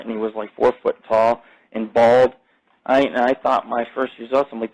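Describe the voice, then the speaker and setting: A male podcast host rambling through a casual monologue, swearing freely and wandering from one topic to the next. His pitch sits right in the middle for a man. The delivery is loose, unscripted and conversational. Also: level tone, a little fast, rough recording. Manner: profane, rambling, jumps between topics.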